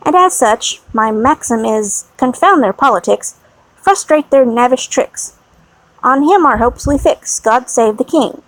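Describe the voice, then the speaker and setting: A woman voicing a fussy, fiercely loyal older English maid in an audiobook reading, brisk and emphatic. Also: fairly high pitch, expressive, dry recording, poor audio.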